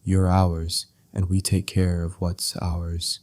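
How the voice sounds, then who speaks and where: A man's voice: low-pitched, completely flat delivery, slow pace, a little mellow, dry recording, full character voice. A man voicing a firm, possessive alpha male who reassures his mate in an audio story.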